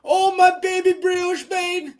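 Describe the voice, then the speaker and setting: A squeaky frantic baker. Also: male voice, flat delivery, slow pace. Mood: rambling. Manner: rambling, rustic drawl, pleading. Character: anxious middle-aged man baker, ex-crook, doting dragon papa. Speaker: game master. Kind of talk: tabletop role-play character voice.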